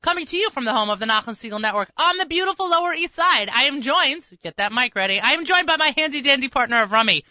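Bright chatty New woman radio host. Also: high-pitched, animated, no echo, lo-fi sound. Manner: chatty, rambling storyteller with quick asides. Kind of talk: casual radio chat. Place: radio studio.

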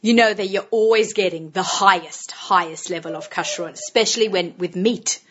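A woman's voice: medium pitch, moderate pace, a bit bright, muffled recording, a little hiss or hum. An American woman hosting a casual radio interview show, chatty, with frequent laughs and many fillers.

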